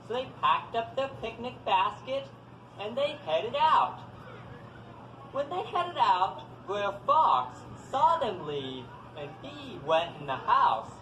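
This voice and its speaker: A man telling folktales live to an audience, animated and coaxing listeners to join in. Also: high-pitched. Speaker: storyteller. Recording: echoey hall, faint background noise.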